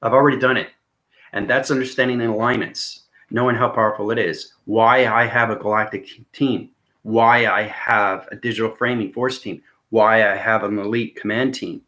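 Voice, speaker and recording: Low-voiced man rambling earnestly to viewers. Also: fairly even intonation, normal speed, bright, forceful tone. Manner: keeps checking in with "okay?" and "right?"; intense and earnest. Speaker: spiritual vlogger.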